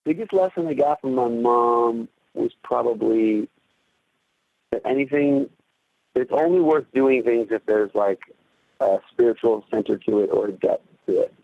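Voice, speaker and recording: A man answering interview questions quickly and haltingly, thinking aloud, heard over a tinny phone-like line. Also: mid-range voice, vocal fry, no room sound. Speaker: interview guest, pop musician. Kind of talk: reflective podcast interview answers.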